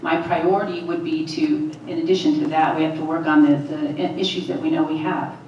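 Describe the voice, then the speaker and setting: A low-pitched woman candidate gives a measured forum answer, stacking repeated phrases for emphasis. Her voice sits well back from the microphone and rings through a large hall. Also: steady tone, a little mellow, dull audio, slight background noise. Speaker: political candidate. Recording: echoey hall, voice from far off.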